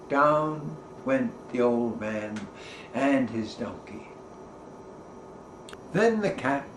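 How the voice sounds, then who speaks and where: A male storyteller reads a children's folk tale in a playful, expressive way. He takes his time, and his mid-pitched voice rings with a roomy echo. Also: noisy background.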